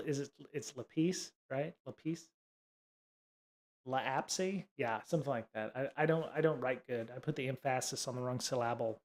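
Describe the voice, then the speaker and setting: A man hosting a casual livestream coding lesson, rambling with many fillers and sarcastic asides. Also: medium pitch. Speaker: livestream host teaching coding.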